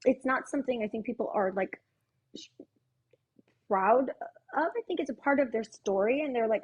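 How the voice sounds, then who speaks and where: Woman psychotherapist, breathy tone, earnest and hesitant podcast talk. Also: a little high, moderate pace, long pauses, a little mellow, muffled recording. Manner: thoughtful, earnest, many fillers. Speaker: psychotherapist guest. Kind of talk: casual podcast discussion.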